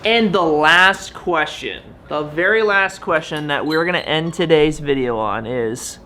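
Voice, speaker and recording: A young man chatting casually in a Q&A vlog, goofy and animated, now and then breaking into loud high-pitched yelps. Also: measured pace, a little hiss or hum. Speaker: vlogger.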